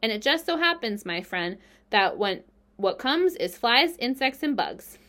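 A woman's voice: on the high side, sing-song, a little slow, pushed and bright, exaggerated voice. A woman voicing a clever female spider in a storybook reading, with a thin, pleasant voice and a composed, matter-of-fact way of talking. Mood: frank.

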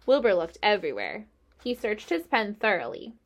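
A woman narrating a children's storybook in a gentle, expressive way. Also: medium pitch, moderate pace. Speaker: reader.

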